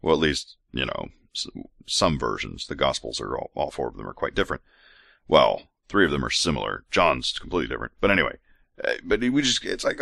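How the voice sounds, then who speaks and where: A man's voice: extremely low pitch, very animated, brisk, gravelly, fairly bright tone, no echo, studio quality. A man hosting a podcast who reads scripture aloud in a mock-solemn voice and breaks off for sarcastic, irreverent commentary. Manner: sarcastic, irreverent, mocking asides between readings. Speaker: podcast host. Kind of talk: comedic scripture reading and commentary.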